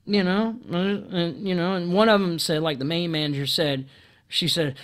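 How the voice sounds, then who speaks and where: A man delivering an angry, profane monologue rant into a camera, stumbling over restarts and often clearing his throat, with loud outbursts. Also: high-pitched, moderate pace. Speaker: video commentator.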